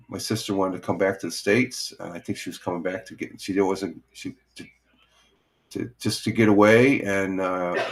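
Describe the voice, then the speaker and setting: A middle-aged man hosting a casual morning chat stream, rambling with many restarts and greeting viewers by name. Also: fairly low pitch. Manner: rambling, restarts a lot, chuckles. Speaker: live stream host.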